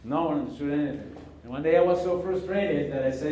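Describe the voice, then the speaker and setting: A man leading a teacher training workshop in a classroom, talking in a casual, halting way with many fillers and restarts. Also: on the high side, mellow, a little hiss or hum. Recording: echoey room from far off.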